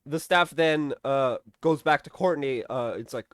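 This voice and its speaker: A young man with a slightly high voice gives a loose, rambling episode recap, cussing freely and slipping into sarcastic mock quotes. He sounds close to the mic in a dry, dead room. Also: animated, moderate pace, pushed and bright, no room sound. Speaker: TV episode reviewer. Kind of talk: casual recap and commentary.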